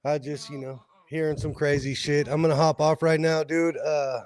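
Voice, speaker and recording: A man's voice: on the high side, level tone, moderate pace, a little mellow. Rambling, passionate man in a call. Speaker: guest. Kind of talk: casual group chat.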